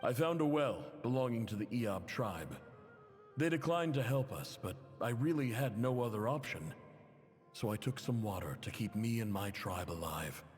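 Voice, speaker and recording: A man's voice: fairly low pitch, lively intonation, normal speed, darkish tone, big-room sound, soft background music, close to an everyday voice. An actor playing a proud desert tribe chief and worried father who earnestly pleads for help, in game audio.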